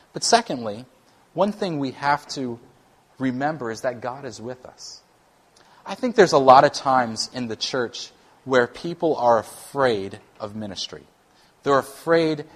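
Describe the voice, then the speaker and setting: Man preaching a conversational sermon. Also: medium pitch. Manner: conversational, animated, self-deprecating with laughs. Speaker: worship pastor.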